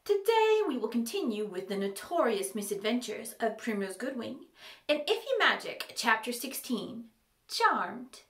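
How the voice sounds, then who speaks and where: A woman reading a fantasy story aloud, with expressive, animated storybook narration. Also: a little slow, echoey room. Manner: animated, with shifting pitch for characters. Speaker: audiobook reader.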